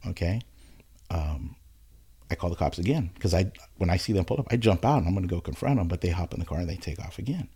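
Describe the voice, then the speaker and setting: Gravelly-voiced man telling a story. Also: low voice, fast. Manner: animated storytelling, acts out quoted voices. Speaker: storyteller in casual conversation. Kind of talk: casual chat.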